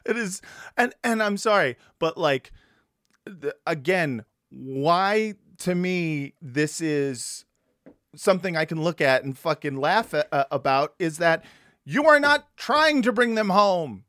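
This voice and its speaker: A man's voice: a little high, expressive, slow, pushed and bright, dry recording, studio quality. A man hosting a podcast, talking casually, swearing often and laughing easily. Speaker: podcast host.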